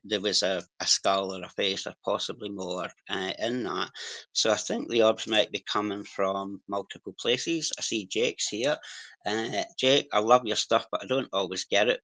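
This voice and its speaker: A man with a strong regional accent speaking on a live audio chat, halting and apologetic, restarting his sentences often. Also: lowish voice, pushed and bright, no room sound, rough recording. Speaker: caller sharing experiences. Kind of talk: casual hesitant sharing on a live audio chat.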